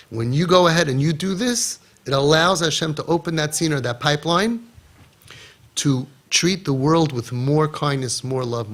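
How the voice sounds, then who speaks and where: Guy teaching a torah class, kinda high voice, tells stories animated, acts out the quotes, preachy earnest bits. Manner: animated storytelling, acting out quoted dialogue.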